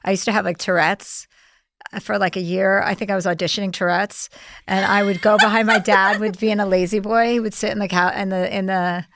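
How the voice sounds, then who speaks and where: A woman's voice: mid-range voice, steady tone, brisk, creaky, a bit bright. A woman comedian, telling profane stories in a casual studio chat and acting out voices. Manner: profane, storytelling, acts out voices. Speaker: comedian guest.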